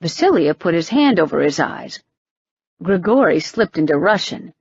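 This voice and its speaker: A woman's voice: big pitch swings, moderate pace, vocal fry, a little mellow, husky, no echo, highs cut off. A woman narrating a novel and reading all of its characters herself. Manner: reads all characters, rising in pitch for them. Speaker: audiobook narrator. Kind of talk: scripted narration.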